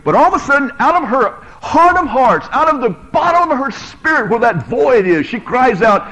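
Male preacher, middle-aged, from the US: high-pitched, swooping delivery, jokes with his congregation through a lively sermon. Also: normal speed, hardly any pauses, low-quality recording. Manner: animated, storytelling, joking with the congregation.

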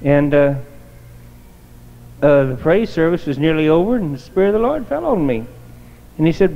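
A man preaching with a folksy, homespun testimony, his voice sitting a bit higher than most men's. The sound is dull and lo-fi, with a long reverb from a church hall around him. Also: big pitch swings, moderate pace, creaky, long pauses, soft background music. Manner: homespun storyteller, colloquial.

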